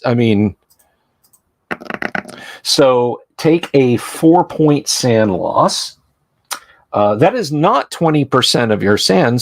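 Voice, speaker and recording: A man running a tabletop horror game, narrating slowly and deliberately with fillers. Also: mid-range voice, no echo. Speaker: game master.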